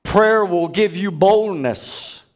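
Slow, high-voiced male preacher. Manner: emphatic storytelling. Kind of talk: sermon.

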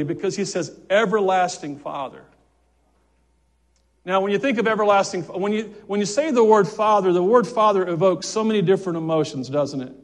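Preaching a sermon, a male pastor with a high-sitting voice is fervent and repetitive. He stammers and restarts, swinging from loud exclamations to quiet asides.

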